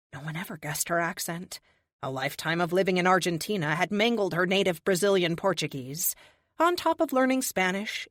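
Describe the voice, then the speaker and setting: A woman narrates an adventure audiobook with steady, expressive storytelling. Her voice sits a little low yet moves lively in pitch, recorded close and dry. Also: dry recording. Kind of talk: scripted narration.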